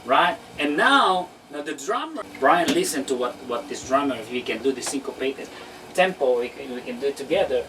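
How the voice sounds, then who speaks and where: In a small practice room, a man gives a relaxed bass lesson for beginners, counting beats and scatting rhythm syllables while demonstrating. His intonation is lively and his pace moderate, and he talks loosely to the student, repeating words and restarting. The mic sits far away, and loud guitar playing makes the background noisy.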